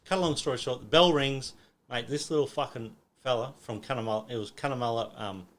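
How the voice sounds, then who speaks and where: A man's voice: mid-range voice, a little fast, fairly bright tone. A middle-aged Australian man telling a story in casual chat, acting out quotes and swearing a lot. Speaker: podcast guest.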